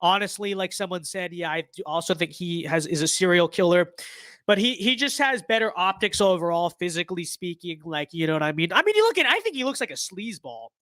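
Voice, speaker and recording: A man's voice: sits high, brisk, fairly bright tone, no room sound. A young man with a stuffy nose, giving blunt, sarcastic and rambling political commentary in a casual livestream.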